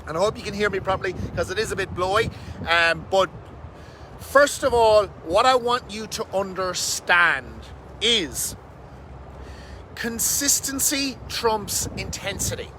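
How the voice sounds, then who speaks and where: A man talking fast and energetically as a fitness coach, swearing casually, in a casual vlog recorded outdoors under a bridge. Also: high voice, animated, bright, forceful tone, poor audio. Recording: outdoor wind and traffic noise.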